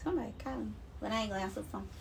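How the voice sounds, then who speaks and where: A woman with a mid-range, creaky voice talks at a racing pace, far from the mic, as she records herself on her phone while pacing. Calling herself a minister, she gives an emotional testimony to viewers, fervent and repetitive, breaking into exclamations and laughter.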